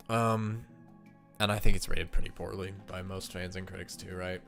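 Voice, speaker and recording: A man with a stuffed-up, somewhat low voice talks casually to his viewers as if thinking aloud, full of fillers and restarts. Faint music plays in the background. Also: steady tone, unhurried, vocal fry, long pauses, fairly bright tone. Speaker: streamer ranking movies.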